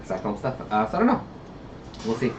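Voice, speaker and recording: A man's voice: fairly low pitch, wildly swooping pitch, fast. A man co-hosting a casual live stream while building puppets, offhand and teasing. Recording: roomy, dull, faint hiss.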